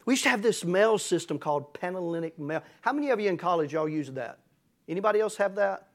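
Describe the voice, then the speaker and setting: A man's voice: high voice, lively intonation, normal speed, pauses often. A middle-aged man preaching a folksy, storytelling sermon that builds to emphatic passages. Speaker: pastor.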